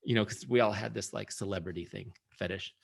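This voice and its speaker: Man, middle-aged, low voice, gravelly, energetic, conversational training presenter, keeps asking if it makes sense. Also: fast talker. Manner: energetic, conversational, often checks in with the audience. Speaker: founder and sales trainer.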